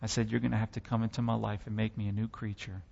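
A man's voice: fairly low pitch, little pitch movement, fast, vocal fry, darkish tone, lo-fi sound. Impassioned man preaching in an echoing hall. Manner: impassioned storytelling with dramatic swells. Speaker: preacher giving testimony. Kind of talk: sermon testimony.

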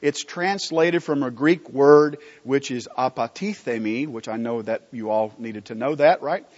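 A pastor preaching a sermon in a conversational teaching manner, asking the congregation rhetorical questions and swinging between emphatic and quiet phrases. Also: male voice, medium pitch, unhurried. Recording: dull lo-fi recording with long hall reverb.

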